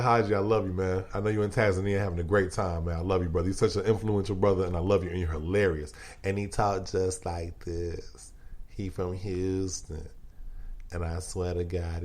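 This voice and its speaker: A man with a somewhat low voice holds forth as a podcast guest, loose and emphatic. He swears freely and breaks into laughter often in casual conversation. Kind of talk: casual chat.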